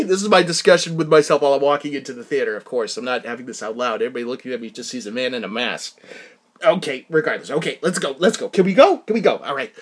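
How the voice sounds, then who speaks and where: A man hosting a casual film-review talk, excitable and rambling, slightly out of breath. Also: medium pitch, fast talker, husky. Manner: excitable, rambling, breaks into laughter. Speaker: podcast host reviewing a film. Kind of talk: casual monologue.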